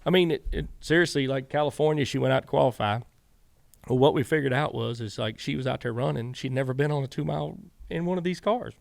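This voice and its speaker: With a rough, gravelly medium-pitched voice and a fast delivery, a middle-aged Southern former racing crew chief tells rambling anecdotes in a casual interview. He keeps quoting himself and others, saying "I said" often, and the recording is dry and close with no room sound.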